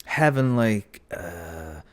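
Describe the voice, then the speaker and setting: A man's voice: on the low side, animated, drawn-out words. A man rambling casually about a video game, swearing freely and breaking off to scold his cats. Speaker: gaming vlogger. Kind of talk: casual rambling chat to camera.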